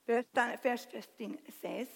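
Animated woman preaching in a reverberant hall. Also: fairly high pitch, fairly quick, creaky, breathy edge. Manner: animated, self-deprecating, reads scripture aloud. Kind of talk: sermon.

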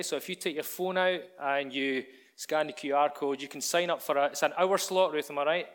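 A man's voice: a little high, a bit bright. A man preaching to a church congregation, giving announcements and starting a sermon in a chatty, direct way. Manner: conversational, addresses the congregation directly.

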